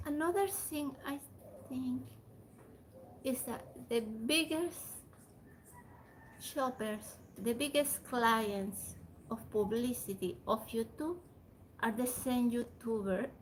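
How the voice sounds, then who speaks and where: A woman's voice: fairly high pitch, slow pace, pauses often, poor audio. A woman vlogging outdoors in a residential neighborhood, chatting casually and switching between Spanish and English. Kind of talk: casual walking vlog. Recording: faint outdoor background noise.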